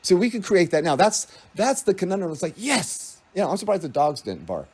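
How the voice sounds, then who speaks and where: Rambling man with a lively pitch. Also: brisk, husky. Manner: meandering, laughs often, trails off and restarts. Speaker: spiritual speaker. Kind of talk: rambling spiritual monologue.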